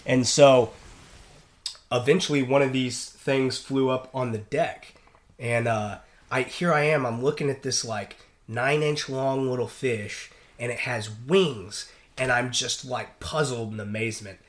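A man's voice: mid-range voice, unhurried. A man, a merchant sailor, telling stories in casual chat, rambling with many fillers and restarts. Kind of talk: casual storytelling.

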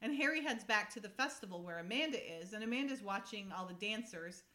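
Woman on a podcast going over an episode, laughs a lot, reads script lines out loud. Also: medium pitch, animated, fast talker. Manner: laughs often, reads quoted lines in a light voice. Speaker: podcast co-host recapping a TV episode. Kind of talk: casual chat, reading script passages aloud.

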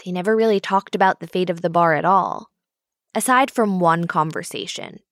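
A woman narrating a documentary in an even, clear way. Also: lowish voice, moderate pace, no echo, studio quality.

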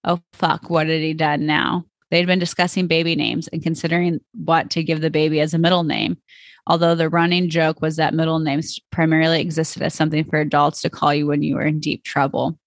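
A woman host reads fan fiction aloud in a plain storytelling voice, stumbling now and then. Her voice has a gravelly fry, and the recording is dry with no room sound. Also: low-pitched, flat delivery, fairly quick, no echo. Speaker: podcast host.

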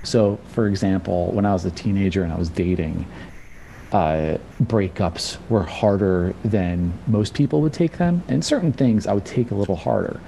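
A man's voice: low-pitched, moderate pace, vocal fry, mellow, slight background noise. A man from New Jersey who works as a personal trainer, talking casually and openly as an interview guest and often repeating words as he starts a sentence. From New Jersey, USA. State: slightly out of breath.

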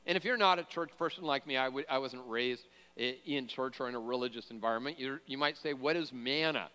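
Bright-voiced pastor preaching in a reverberant hall. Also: male voice, medium pitch, brisk, smooth. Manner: conversational, joking asides, frequent fillers and restarts. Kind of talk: sermon.

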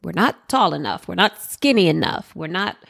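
A woman's voice: lowish voice, lively intonation, normal speed, vocal fry, fairly bright tone. A woman from New Jersey hosting a podcast, telling her own story in a candid, reflective monologue and speaking straight to the listener. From New Jersey, USA. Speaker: podcast host.

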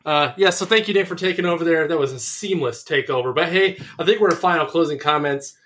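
A man co-hosting a casual woodworking podcast, talking in an animated, excitable way and laughing often. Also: fairly high pitch, fast talker, background noise. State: out of breath. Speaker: podcast co-host. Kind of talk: casual podcast outro chat.

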